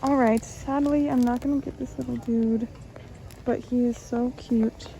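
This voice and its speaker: A woman in her early twenties filming a casual shopping vlog inside retail stores, talking excitedly and gushing over what she finds. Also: fairly high pitch, measured pace, vocal fry. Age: early 20s. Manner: excitable, gushing, exclaims often. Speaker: vlogger. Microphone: handheld phone camera.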